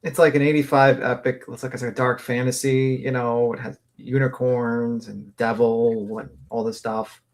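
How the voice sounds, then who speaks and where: A man co-hosting a casual gossip livestream, crude and slangy, quick with jokes. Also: mid-range voice, flat delivery. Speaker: livestream co-host.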